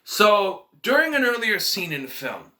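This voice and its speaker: A man's voice: high voice, sing-song, unhurried, bright, forceful tone. A man casually reviewing a movie in a vlog, retelling scenes in a rambling, emotional way.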